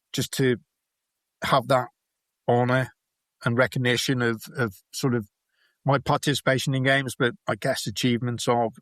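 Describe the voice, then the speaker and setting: A man with a Welsh accent, a podcast guest telling anecdotes in a relaxed, chatty way. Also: medium pitch, no echo. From Wales. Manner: chatty, anecdotal, laughs while telling stories. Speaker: podcast guest, bowls player. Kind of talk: storytelling in a casual interview.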